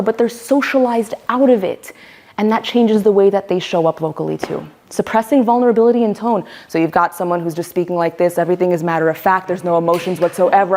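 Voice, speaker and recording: A woman's voice: on the low side, brisk, darkish tone. A woman leading a voice workshop, speaking emphatically and demonstrating voices as she explains. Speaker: workshop leader. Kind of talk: teaching a voice workshop.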